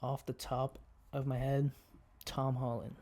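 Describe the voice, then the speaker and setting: A man's voice: mid-range voice, measured pace. A laid-back young man, a college student, chatting casually as a podcast guest. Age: young adult. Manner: laid-back, relaxed storytelling. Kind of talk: casual chat.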